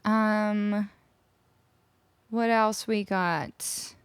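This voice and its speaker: A woman's voice: medium pitch, fairly even intonation, drawn-out words, clear, resonant tone, no room sound. A woman from Canada chatting casually on a live music stream, greeting viewers and reading out their chat messages. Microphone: studio microphone.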